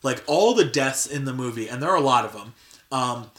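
A man's voice: mid-range voice, expressive, fairly quick, a bit bright. A young man hosting a casual podcast, chatting loosely with lots of "like" and restarts. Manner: filler-heavy, frequent "like" and restarts. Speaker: podcast host. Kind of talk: casual chat.

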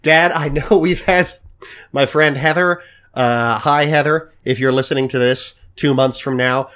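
A man hosts a podcast with his dad and talks at an ordinary middle pitch. He chats in a casual way and jokes a lot. He often plays at being hurt and pokes fun at himself. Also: steady tone, measured pace, fairly bright tone, clean tone. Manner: joking, mock-hurt, self-deprecating. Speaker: podcast host.

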